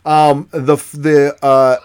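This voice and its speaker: A man co-hosting a casual movie review chat, excited and full of restarts and fillers. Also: fairly high pitch, slow pace, clear, resonant tone, no echo. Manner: animated, many restarts and fillers. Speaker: podcast co-host.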